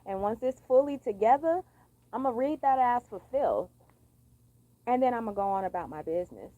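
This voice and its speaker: A sassy young woman talks straight to camera in a casual, profane vent. Her voice is mellow and warm, and it sits a little high. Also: animated, moderate pace, dry recording, lo-fi sound. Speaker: vlogger. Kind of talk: casual venting monologue.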